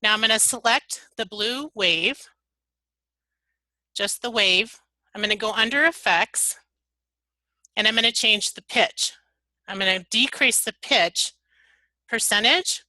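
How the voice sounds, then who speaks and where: A woman presenting a software tutorial webinar, walking through the steps one at a time. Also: on the high side, measured pace, long pauses, no echo, poor audio. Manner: upbeat step-by-step instructions.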